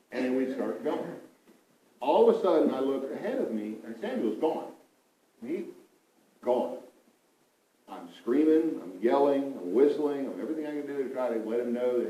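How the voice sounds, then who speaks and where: A man recounting a mission trip story to a group, with animated, emphatic storytelling that often repeats itself. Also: mid-range voice, normal speed, long pauses. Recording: roomy, from a distance.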